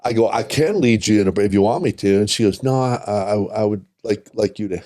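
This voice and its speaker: An older man from Minnesota, a podcast guest telling stories in a casual, animated way, often repeating words and laughing. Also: on the low side, brisk. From Minnesota, USA. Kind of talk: casual storytelling interview.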